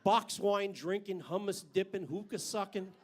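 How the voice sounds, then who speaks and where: Brash, high-voiced older male comic. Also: normal speed. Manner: brash, profane, punchy delivery. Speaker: stand-up comedian. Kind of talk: stand-up comedy routine. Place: comedy club stage.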